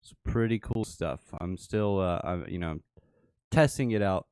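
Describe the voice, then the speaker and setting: Dude rambling over charts on his stream, low voice, slow and unhurried. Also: a little mellow, clear, resonant tone, dry recording, clean studio sound. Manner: thinking aloud, with fillers and repeated phrases. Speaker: livestream host. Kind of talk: casual live chart commentary.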